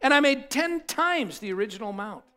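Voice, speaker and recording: A preacher doing an eager proud servant. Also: male voice, very high voice, animated, a little fast, pushed and bright, full character voice. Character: proud successful servant man.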